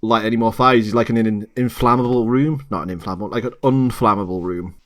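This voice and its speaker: A man's voice: medium pitch, fast talker. A man co-hosting a podcast, recapping a TV episode in casual, sweary chat and acting out the characters' lines. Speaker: podcast co-host.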